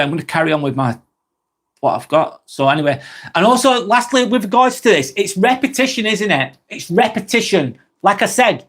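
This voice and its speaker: A blunt man hosts a live vlog, speaking expressively and swearing as he reads and responds to viewer comments. His voice sits on the higher side for a man. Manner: blunt and expressive, swears freely, acts out quoted abusers. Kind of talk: live stream talk reading chat comments.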